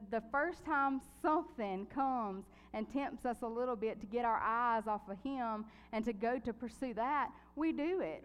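Woman preaching in a reverberant hall. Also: fairly high pitch. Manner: animated storytelling, laughs often. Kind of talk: sermon with personal testimony.

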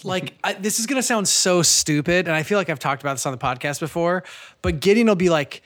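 A man co-hosting a podcast, talking in a casual, animated and self-deprecating way. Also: sits high, quick pace. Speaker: podcast co-host. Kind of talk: casual chat.

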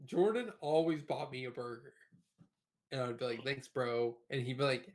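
A man's voice: medium pitch, normal speed. A man in his late twenties hosting a casual podcast, telling stories bluntly and swearing often. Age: late 20s. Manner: profane, blunt storytelling. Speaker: podcast host.

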